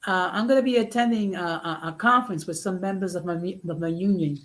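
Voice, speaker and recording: A man's voice: high-pitched, quick pace, a bit bright. A man chatting casually as a regular guest. He teases the others and argues the contrary side playfully. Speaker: union member and regular guest. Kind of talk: casual chat.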